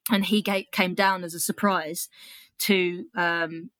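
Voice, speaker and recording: A woman's voice: on the low side, fairly even intonation, slow pace, fairly bright tone, dry recording. Chatty British woman with a dry close sound. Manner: chatty, swears freely, laughs between lines. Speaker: comedian and poet. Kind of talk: casual storytelling, then poetry reading.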